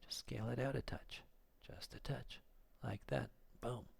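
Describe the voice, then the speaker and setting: A man teaching 3D modelling in a screen-recorded tutorial, thinking aloud, counting clicks under his breath and getting excited at the results. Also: medium pitch, unhurried, creaky, slightly rough, dry recording. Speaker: 3D modelling instructor.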